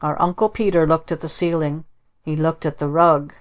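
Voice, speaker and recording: Woman reading an old storybook aloud, low voice, calm plain telling. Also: normal speed. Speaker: audiobook narrator. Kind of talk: storybook narration.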